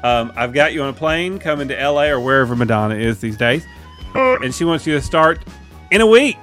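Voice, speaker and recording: A man's voice: medium pitch, lively intonation, fairly bright tone, faint music behind. A man co-hosting a comedy podcast, setting up silly scenarios in an easygoing way and laughing often. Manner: quick laughs, easygoing game-show setups. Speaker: podcast co-host. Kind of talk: improvised comedy banter.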